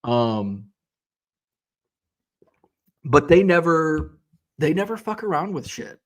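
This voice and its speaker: A man in his thirties hosting a casual livestream, reading viewer comments aloud and chatting in a relaxed, rambling way, with lots of fillers and restarts, a little tired. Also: a little high, takes it slowly. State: yawning, tired. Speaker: card-collecting livestream host.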